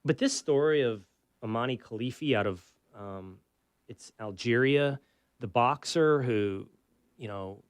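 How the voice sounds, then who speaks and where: A man's voice: medium pitch, unhurried, clear, resonant tone, no room sound. A man with a Texas twang runs an opinionated talk radio monologue, pressing his points with rhetorical questions. His voice sits in a middle register and sounds close and dry in the studio. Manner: emphatic, conversational, rhetorical questions. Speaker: radio talk show host.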